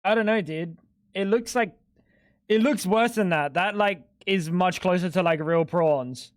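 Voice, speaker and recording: A man's voice: sits high, a little slow, no echo, clean studio sound. A man chatting casually on a live stream, rambling and sweary, with lots of "like". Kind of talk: casual chat while gaming.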